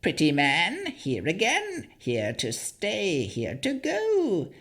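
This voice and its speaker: A woman's voice: lowish voice, huge pitch swings, slow pace, fairly bright tone, pitched above the performer's own voice, heavily acted. A male narrator voicing a mad, filthy female hag who pleads and shrieks in erratic, rambling bursts. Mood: wheedling. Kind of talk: audiobook character voice.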